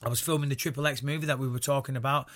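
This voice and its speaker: A man's voice: mid-range voice, very fast. A man in his thirties from the Northwest of England, speaking with a Northern English accent, telling stories as an interviewee in a casual interview. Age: 30s. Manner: animated storyteller, voices others in anecdotes.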